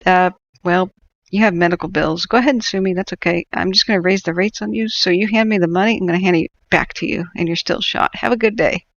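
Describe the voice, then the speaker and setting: A woman's voice: lowish voice, steady tone, quick pace, lo-fi sound. A woman putting on the voice of a callous monopoly utility company, speaking in a breezy, mocking tone during a livestream.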